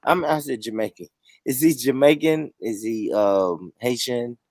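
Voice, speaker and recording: A man's voice: mid-range voice, unhurried, no room sound. A man hosting a heated casual debate, emphatic and repetitive, often cutting in and swearing. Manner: emphatic, repetitive, interrupting, profane. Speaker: podcast host.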